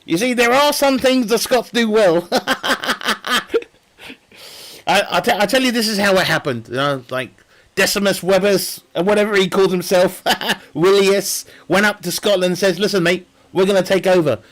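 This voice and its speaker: A man's voice: high-pitched, normal speed, fairly bright tone. A man streaming a game, chatting casually in a rambling, joking way, laughing often and swearing. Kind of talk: casual live-stream chat.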